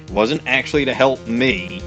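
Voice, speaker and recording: A man at a middle pitch riffing on a game he is playing. Brash and exasperated, swearing freely, with faint game music underneath. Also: moderate pace, a bit bright. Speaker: let's play host. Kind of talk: casual game commentary.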